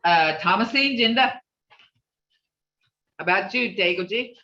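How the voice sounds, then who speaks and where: A patient teacher speaking slowly and brightly, drilling vocabulary with a class over a video call. The voice sits back from the mic, with a roomy echo and dull, lo-fi sound, and the delivery stays encouraging and full of "okay" and "you know". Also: mid-range voice, expressive. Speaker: language teacher. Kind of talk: online language class. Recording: echoey lo-fi video call audio from far off the mic.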